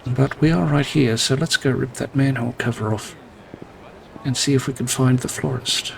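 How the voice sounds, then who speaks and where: A man's voice: mid-range voice, steady tone, moderate pace, gravelly, a little hiss or hum. A man playing a video game, reading the characters' lines aloud and adding dry, wry asides. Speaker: gameplay narrator.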